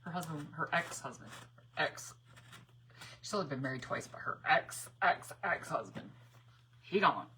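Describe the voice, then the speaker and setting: A woman's voice: deep voice, animated, a little slow, long pauses, pushed and bright, slight background noise. A woman hosting a live craft stream, chatting casually while she paints, greeting viewers by name and laughing often. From northern United States. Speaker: craft livestream host.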